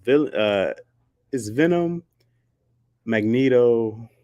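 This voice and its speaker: A man's voice: medium pitch, animated, very slow, dark tone, no room sound, lo-fi sound. A man chatting casually on a livestream, slangy and rambling, laughing often. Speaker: streamer.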